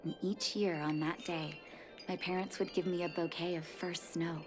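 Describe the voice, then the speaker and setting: A woman voicing an earnest young woman doctor in a game, speaking gently and with feeling, over game music. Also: on the low side, fairly even intonation, normal speed, natural voice. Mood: reflective. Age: young adult. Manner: gentle, heartfelt, softly emotional. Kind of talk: game dialogue and narration.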